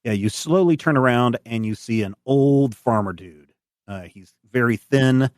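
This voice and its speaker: A man's voice: medium pitch, a little slow, no echo. Guy game-mastering a tabletop game, laid back, lots of uhs, dry close sound. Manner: relaxed and descriptive, with fillers.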